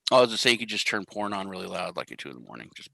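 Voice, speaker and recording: A young American man hosts a casual crypto live stream. His voice sits fairly low but comes across bright and forward. The sound is close and dry, and his talk rambles from joke to joke. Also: sing-song, very fast, creaky, no echo, rough recording. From US Central Time Zone. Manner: rambling, jokey, self-deprecating. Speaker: crypto show host.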